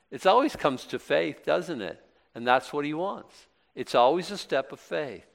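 A man's voice: mid-range voice, creaky. Man preaching a conversational sermon. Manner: conversational, rising to emphatic bursts then dropping soft; asks the congregation questions and answers them himself. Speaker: pastor.

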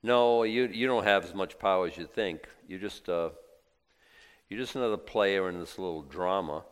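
A man preaching a sermon, reading scripture aloud and breaking into lively acted asides. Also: low voice, moderate pace, clean tone, long reverb tail. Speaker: pastor.

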